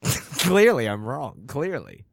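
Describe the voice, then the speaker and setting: A man's voice: medium pitch, sing-song, slow pace, creaky, dry recording. A man co-hosting a podcast, teasing his co-host in profane casual chat and laughing often.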